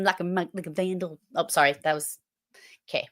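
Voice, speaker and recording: A woman's voice: fairly low pitch, steady tone, a little fast, fairly bright tone. A woman with a strong Boston accent hosting a casual livestream, talking in a playful, emphatic, teasing way. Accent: Boston, Massachusetts. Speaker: host.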